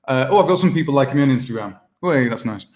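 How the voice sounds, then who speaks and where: A man's voice: mid-range voice, expressive, quick pace. A British man in his thirties, a guest impressionist chatting casually with many restarts. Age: 30s. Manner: rambling, self-deprecating, many restarts. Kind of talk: casual video-call chat.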